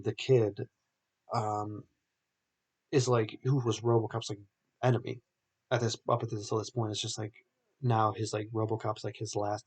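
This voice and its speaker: A man's voice: fairly low pitch, darkish tone. A young man hosting a podcast, recapping a film in a rambling, casual way full of filler words. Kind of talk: casual chat.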